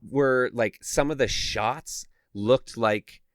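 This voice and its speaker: A man co-hosting a horror podcast, chatting loosely and excitedly about a film, sometimes swearing. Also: mid-range voice, slow pace, no echo, studio quality. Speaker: podcast co-host. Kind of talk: casual movie review chat.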